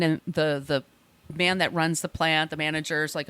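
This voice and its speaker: A woman's voice: lowish voice, moderate pace, dry recording. Chatty woman recapping a film, dry sound. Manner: animated retelling, acting out the lines. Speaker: podcast co-host. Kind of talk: casual film discussion.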